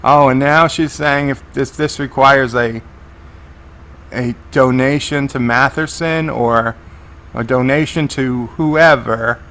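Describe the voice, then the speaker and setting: A man's voice: mid-range voice, steady tone, slow, fairly bright tone. A man giving live reaction commentary on a TV episode, narrating scenes as they unfold and often restarting his sentences. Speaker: TV episode reviewer.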